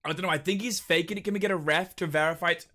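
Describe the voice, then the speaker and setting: A man live-streaming a hot sauce tasting, giving an animated running commentary and complaining about the heat. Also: high-pitched, very fast. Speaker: livestreamer.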